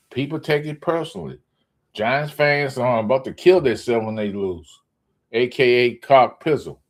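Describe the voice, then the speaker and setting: A man ranting in a casual sports vlog, profane and animated, jumping up into high exclamations. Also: normal speed. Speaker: sports vlogger.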